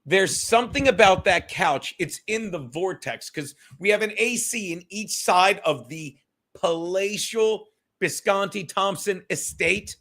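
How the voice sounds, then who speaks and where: A man's high-pitched, fairly bright voice comes through a streaming setup at a slightly slow pace. He's hosting a casual solo livestream at home, rambling, cursing freely, and speaking directly to his viewers.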